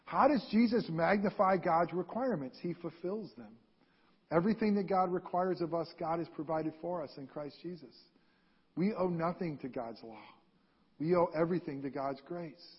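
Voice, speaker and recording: High-voiced preacher in an echoing hall. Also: male voice, normal speed, slightly rough. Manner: emphatic preaching with repeated phrases. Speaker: pastor. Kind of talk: sermon. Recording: dull lo-fi sound in a reverberant hall.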